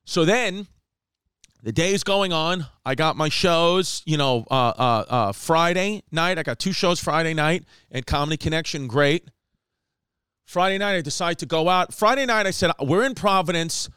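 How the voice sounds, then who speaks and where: A man telling a comic story in a fast, animated way, acting out quoted lines with Spanish asides. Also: fairly high pitch, smooth, no room sound, studio quality. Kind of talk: casual storytelling monologue.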